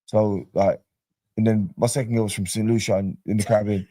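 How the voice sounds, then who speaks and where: Casting: South London man, very low mellow voice, dry close sound, chatty storyteller. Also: fairly quick, no room sound. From Brixton, South London. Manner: chatty storyteller, relaxed street slang. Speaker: guest, docuseries cast member. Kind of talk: casual interview talk.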